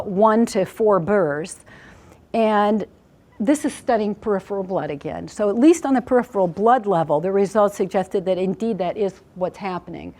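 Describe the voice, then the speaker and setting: Low, mellow-voiced woman lecturing. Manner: conversational, explains ideas with everyday analogies. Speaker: medical researcher giving a lecture. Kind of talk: academic lecture.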